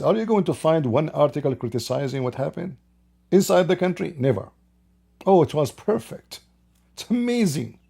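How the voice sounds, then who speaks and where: Guy ranting in a commentary video, scornful, keeps asking rhetorical questions, low mellow tone. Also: creaky, slightly rough. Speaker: online commentator. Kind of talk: opinionated commentary monologue.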